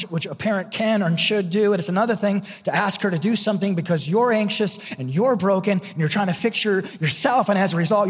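Husky high-voiced middle-aged pastor preaching. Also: male voice, in a large hall. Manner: candid and conversational, repeating words as he goes. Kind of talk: sermon.

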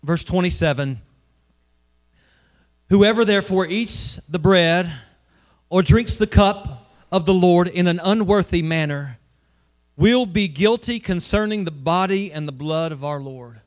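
High-voiced man preaching a conversational sermon. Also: unhurried. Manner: conversational preaching with rhetorical questions. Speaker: pastor.

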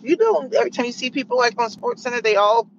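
Woman vlogger, mid-pitch, sarcastic and rambling, muffled lo-fi phone audio with faint road noise. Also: very animated, fast. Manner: sarcastic, rambling, lots of fillers. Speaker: vlogger sharing opinions. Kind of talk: casual opinion monologue.

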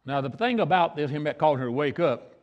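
A male pastor with a notably high voice tells homespun stories from the pulpit, circling back and repeating his points. His voice echoes through a large hall with a long reverb. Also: lively intonation, a little fast, highs cut off. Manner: homespun, repeats himself for emphasis. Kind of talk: folksy storytelling sermon.

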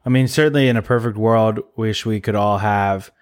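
A man's voice: on the low side, fairly even intonation, normal speed. A man co-hosting a casual conversation about faith, talking in an easygoing, rambling way and laughing often. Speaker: podcast co-host.

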